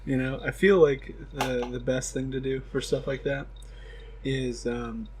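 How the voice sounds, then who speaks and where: A man's voice: medium pitch, fairly even intonation, unhurried, a little mellow, slight background noise, low-quality recording. A man co-hosting a casual comedy chat, rambling through absurd stories and laughing often. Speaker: podcast co-host.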